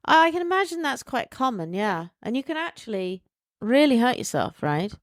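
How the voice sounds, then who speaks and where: A woman's voice: a little high, very animated, normal speed, dry recording, studio quality. A middle-aged woman co-hosting a podcast, chatting frankly and giving sensible advice. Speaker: podcast co-host. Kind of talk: casual chat.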